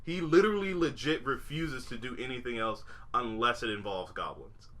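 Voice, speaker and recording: A man's voice: mid-range voice, moderate pace, a bit bright. A young man co-hosting a podcast, chatting casually and rambling with lots of fillers, restarts and swearing. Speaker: podcast co-host. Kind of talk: casual chat.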